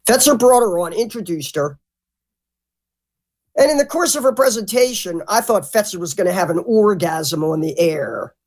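A woman's voice: mid-range voice, normal speed. A woman talking bluntly and profanely as a guest in a casual interview. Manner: animated, mimics others. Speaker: podcast guest.

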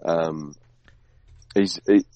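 A man as a guest in a casual conversation, talking in a rambling, halting way with many restarts. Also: low voice, steady tone, background noise. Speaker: podcast guest.

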